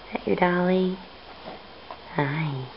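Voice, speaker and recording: A woman cooing to her baby in slow, sing-song baby talk, her pitch swooping up and down and often sinking into soft whispers. The sound is dull and lo-fi, like an old home camcorder, with a faint hiss behind her. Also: expressive. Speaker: mother filming her baby.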